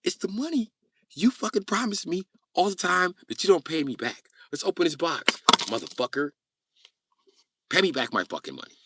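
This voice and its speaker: A man putting on the voice of a loud, aggressive young man who curses while demanding money he is owed. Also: high-pitched, animated, moderate pace, recorded from a distance, a little hiss or hum, voice pushed up. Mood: angry. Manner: shouting, profane, bullying.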